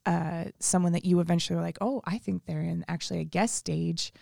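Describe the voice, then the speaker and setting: Gravelly, mellow-voiced woman co-host. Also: lowish voice, fairly even intonation, a little fast, no room sound, clean studio sound. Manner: warm-affirming, reflective, thinks aloud with restarts. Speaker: small groups director, co-host. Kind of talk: podcast conversation.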